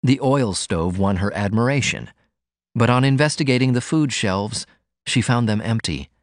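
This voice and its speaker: A man narrating a novel aloud in an expressive, scripted reading. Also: medium pitch, normal speed, dry recording, clean studio sound. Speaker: audiobook narrator.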